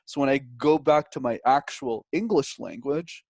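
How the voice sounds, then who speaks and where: A man from Canada, a guest telling stories in a casual interview, animated and joking. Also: medium pitch, moderate pace, no echo. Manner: animated storyteller, jokey.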